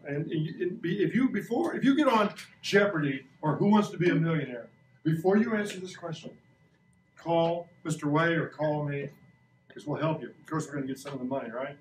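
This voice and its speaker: Man, 60s, playful classroom science teacher; slightly high voice, roomy distant classroom sound. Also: fairly quick, a little hiss or hum. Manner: playful, joking, asks kids questions. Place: school classroom. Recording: echoey classroom recorded from a distance.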